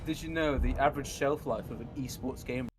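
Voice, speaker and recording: A man's voice: medium pitch, a little fast, music in the background. A man in casual, sweary banter on a game stream, joking and laughing a lot. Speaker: streamer's guest co-commentator.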